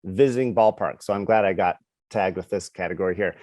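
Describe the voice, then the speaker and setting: A man co-hosting a podcast, chatting in a playful, animated way and reading out a list of nominees. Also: low voice, fairly quick, dry recording, clean studio sound. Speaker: podcast co-host. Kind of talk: casual chat.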